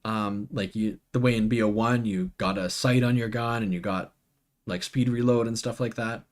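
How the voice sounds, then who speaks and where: A man's voice: lowish voice, steady tone, normal speed. Rambling male streamer talking shop. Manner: rambling, full of "like" and restarts; answers chat viewers by name. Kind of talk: casual livestream commentary.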